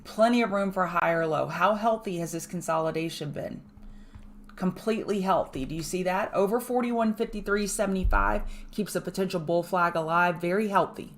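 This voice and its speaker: A woman with a slightly low voice hosts a live market prep stream. She talks briskly and emphatically, repeats her key points for weight, and drops chatty asides to her viewers as she moves through each chart. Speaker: trading show host.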